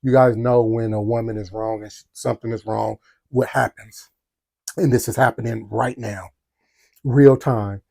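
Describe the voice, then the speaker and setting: A man's voice: mid-range voice, normal speed, vocal fry. A man hosting a storytelling podcast, telling a personal story animatedly and speaking straight to his listeners. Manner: animated, talks to the audience, acts out quotes. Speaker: podcast host.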